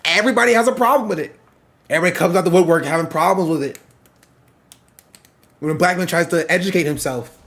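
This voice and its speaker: A young man commenting on clips during a casual live stream, halting and wry, often breaking off mid-sentence. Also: sits high, a bit bright. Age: young adult. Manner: halting, self-interrupting, wry asides.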